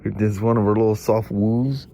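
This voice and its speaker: Middle-aged guy vlogging, kinda low voice, stuffed up from hay fever, folksy rambling chat, faint hum behind. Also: steady tone, normal speed, dark tone. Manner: folksy, chatty, laughs through stories. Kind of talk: rambling casual storytelling.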